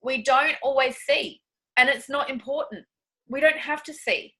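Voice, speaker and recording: A woman teaching a class, guiding a meditation in a slow soothing cadence and then talking it over with students on a video call. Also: high voice, bright, forceful tone, poor audio. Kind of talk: guided meditation and group discussion.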